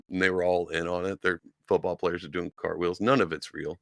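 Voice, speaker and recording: With sci-fi collectibles at his back, a man runs a solo talk show, sarcastic and rambling, full of ums and restarts. His low voice stays level and fairly bright, moving a little fast with hardly any pauses. It's a dry, studio-quality recording.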